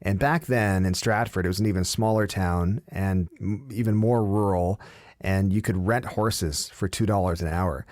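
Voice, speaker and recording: A man's voice: low voice, moderate pace, a little mellow. A man chatting as an interview guest, telling stories in a loose, anecdotal way. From Canada. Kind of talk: casual interview chat.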